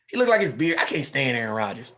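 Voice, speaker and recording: A man in his thirties hosting a live stream, ranting casually about sports, animated and mocking, with quick impressions and frequent laughs. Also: mid-range voice. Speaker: livestream host.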